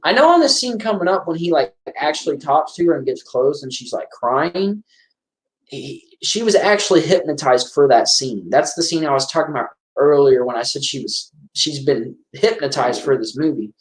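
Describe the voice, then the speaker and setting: A man giving casual, excitable commentary over a horror movie, rambling and restarting his sentences. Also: on the high side, normal speed. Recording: echoey room.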